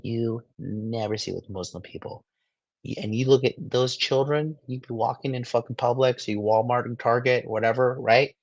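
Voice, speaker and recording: A man's voice: mid-range voice, moderate pace, no echo, muffled recording. A man giving crude, mocking commentary on video clips in a swaggering, profane way. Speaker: streamer reacting to clips.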